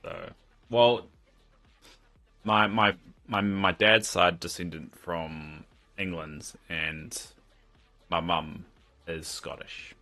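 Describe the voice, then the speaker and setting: A man's voice: low voice, steady tone, extremely slow, long pauses, pushed and bright. A man with a New Zealand accent, casually chatting and teasing viewers while streaming a game. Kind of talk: casual live-stream chat while gaming.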